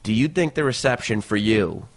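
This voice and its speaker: A man who is a guest on a podcast, telling stories in an animated way and laughing often. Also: fairly low pitch, normal speed. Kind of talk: casual storytelling.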